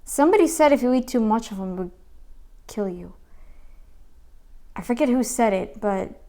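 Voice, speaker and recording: A woman giving casual reaction commentary, rambling and turning loud and scolding when annoyed. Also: on the high side, animated, normal speed.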